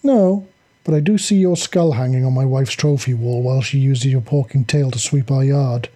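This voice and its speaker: A man's voice: mid-range voice, steady tone, measured pace, mellow, breathy edge. A man reading aloud and voicing a proud, defiant male warrior leader who talks through clenched teeth.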